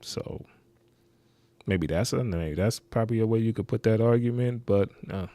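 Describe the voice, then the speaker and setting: A man's voice: fairly low pitch, normal speed, mellow, no room sound. A man hosting a reaction video, rambling and skeptical, muttering asides as he comments.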